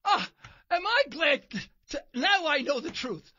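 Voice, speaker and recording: A man's voice: very high-pitched, big pitch swings, brisk, pushed and bright, slightly rough, highs cut off. A man hosting a talk radio show, delivering a sarcastic, mocking monologue from his car while driving. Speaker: radio host.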